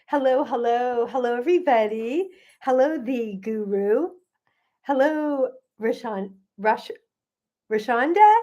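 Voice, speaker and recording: A woman's voice: a little high, slow pace, warm tone, lo-fi sound. Chatty woman greeting livestream viewers. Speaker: gut health coach hosting a livestream.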